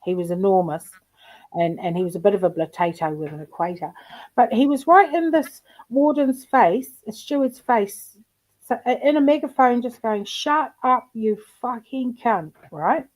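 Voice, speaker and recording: A woman's voice: medium pitch, lively intonation, moderate pace, a little mellow, rough recording. A woman hosting a livestream in casual chat, telling rambling, profane anecdotes with frequent laughter. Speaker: livestream host.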